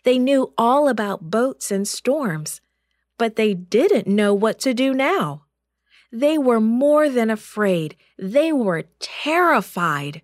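A woman narrating a Bible story for children in a slow, clear and expressive way. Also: on the high side, no room sound, studio quality.

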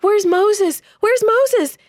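A woman voicing a panicked, wailing crowd of desert refugees in a shrill, high, frantic voice. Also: very slow, no echo, studio quality, full character voice.

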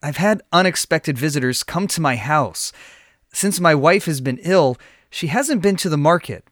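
A man's voice: on the high side, lively intonation, normal speed, fairly bright tone, no room sound, studio quality. A man voicing an anxious neighbor who begs a favor in a pleading, apologetic way in a read-aloud story.

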